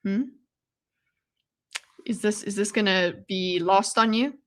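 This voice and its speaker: A woman streamer reacting live to a video, rambling and excitable, breaking into loud yelps to her chat. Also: medium pitch, slow pace. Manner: excitable, rambling, bursts into yelling.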